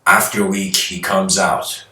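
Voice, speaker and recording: A man giving a spiritual lecture by telling a story, rambling and animated, often restarting and adding "like" and "you know". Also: deep voice, a little slow. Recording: echoey room, mic at a distance.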